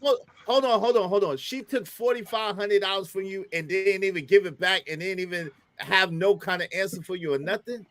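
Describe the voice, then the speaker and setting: A man's voice: sits high, fairly quick, hardly any pauses, fairly bright tone. A man hosting a casual podcast chat, reacting a lot and steering the guest's story along. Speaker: podcast host.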